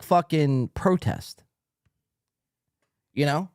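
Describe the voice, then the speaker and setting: A man's voice: medium pitch, big pitch swings, moderate pace, dry recording, clean studio sound. A man hosting a podcast, giving sarcastic, mocking commentary on video clips with lots of swearing. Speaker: podcast host.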